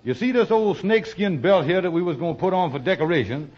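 A scheming, persuasive con man in an old radio comedy, with a high, husky voice. The broadcast sounds muffled and dull. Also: animated, fast. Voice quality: smooth-talking, persuasive. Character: scheming fast-talking male con man. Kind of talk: 1940s radio acting.

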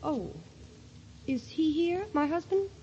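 An actress playing a devoted, stubborn young wife, speaking in an emotional, pleading, insistent way, 1940s radio acting style. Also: female voice, high voice, animated, slow, dark tone. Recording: dull lo-fi old radio recording.

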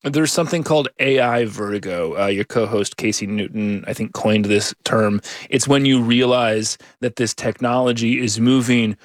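A man hosting a radio interview who asks questions in a calm, curious way. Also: mid-range voice, normal speed, hardly any pauses, no room sound, clean studio sound.

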